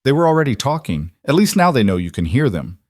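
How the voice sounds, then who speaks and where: A man voicing a quiet mountain man who talks in short, clipped sentences. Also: mid-range voice, sing-song, fast talker, dry recording, studio quality, pitched above the performer's own voice, natural voice. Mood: calm. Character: quiet mountain man, steady and plain-spoken.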